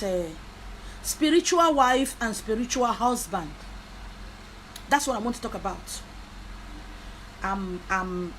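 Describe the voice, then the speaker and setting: A woman's voice: high-pitched, fairly bright tone, a little hiss or hum, poor audio. A woman giving an impassioned live video talk as a spiritual teacher, repeating herself and firing off rhetorical questions. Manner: repeats words and phrases.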